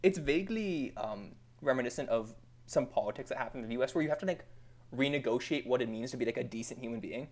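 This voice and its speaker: Man, podcast co-host, sarcastic ranting, filler-heavy, mid-pitched voice. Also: quick pace, a little mellow. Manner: ranting, sarcastic fan, lots of "like". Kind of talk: casual sports podcast chat.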